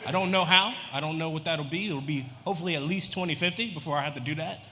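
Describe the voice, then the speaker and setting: Male stand-up comic, rambling deadpan delivery, live club room with long reverb. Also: fairly high pitch, quick pace, noisy background. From Louisiana. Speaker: stand-up comedian. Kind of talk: stand-up comedy set. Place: comedy club stage. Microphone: handheld stage mic.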